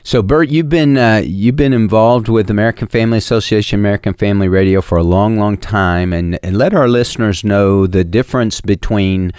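A man hosting a Christian radio show, speaking in an earnest, preachy way with halting restarts. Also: lowish voice, darkish tone, smooth, no echo, studio quality. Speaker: radio host. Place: radio studio. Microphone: studio microphone.

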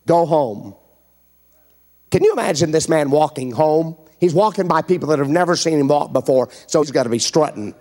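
A man's voice: a little high, a little mellow. Fervent preacher man with a raised voice. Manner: fervent, call-and-response preaching. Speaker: evangelist preacher. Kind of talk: sermon. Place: church before a congregation.

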